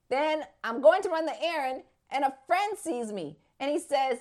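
A woman's voice: high voice, animated, moderate pace, hardly any pauses. Woman in her 50s telling her faith testimony, plays all the voices in the story, gets really fervent. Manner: acts out the voices in her story, growing fervent near the end. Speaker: speaker giving a testimony.

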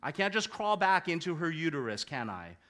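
A man's voice: fairly high pitch, sing-song, moderate pace, bright, forceful tone. A male pastor voicing a cheeky, incredulous grown man who is puzzled by a teaching.

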